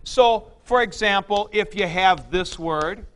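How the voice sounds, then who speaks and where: A man's voice: sits high, slow pace, fairly bright tone. A man teaching a grammar lecture, explaining step by step with folksy comparisons and frequent check-ins. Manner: plain-spoken, folksy comparisons, checks in with listeners. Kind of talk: classroom lecture.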